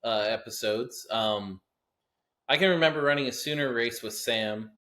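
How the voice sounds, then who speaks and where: A man with a mid-range voice chimes in on a podcast in a relaxed, matter-of-fact way. He talks like a casual co-host sharing his own view. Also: mid-range voice, moderate pace.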